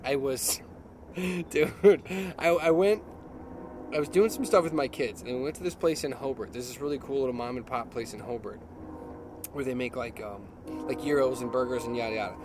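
A man's voice: mid-range voice, moderate pace, music in the background. A middle-aged man telling a story in casual chat, laughing often and mimicking other people's voices. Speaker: podcast co-host.

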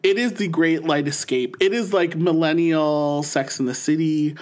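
A man's voice: fairly high pitch, normal speed, darkish tone. A man co-hosting a podcast, chatting enthusiastically about shows, acting out quotes in a raised voice. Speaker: podcast co-host. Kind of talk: casual chat, pop culture recommendations.

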